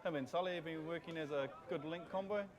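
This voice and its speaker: A man co-commentating a touch rugby game with relaxed, joking banter. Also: on the high side, quick pace, muffled recording. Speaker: co-commentator, club member. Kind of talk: live sports commentary. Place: outdoor sports field. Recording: outdoor crowd noise.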